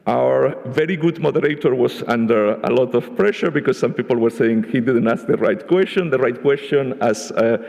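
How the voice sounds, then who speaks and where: A man giving a measured spoken summary of a panel discussion at a conference, often restarting his phrases. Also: mid-range voice, creaky, a little mellow. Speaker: panel rapporteur. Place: large conference hall. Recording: echoey conference hall.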